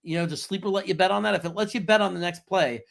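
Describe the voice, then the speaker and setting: Animated man in casual football talk. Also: sits high, quick pace, vocal fry. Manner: animated, chuckling, talks in long run-on thoughts. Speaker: podcast co-host. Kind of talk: casual sports chat.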